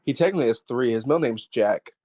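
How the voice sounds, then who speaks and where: A young man chatting casually on a podcast, wandering through his stories with plenty of pauses and fillers. His mid-pitched voice sounds dry and close, with no room around it. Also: lively intonation, dark tone, no room sound. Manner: rambling, hesitant, many fillers. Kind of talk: casual chat.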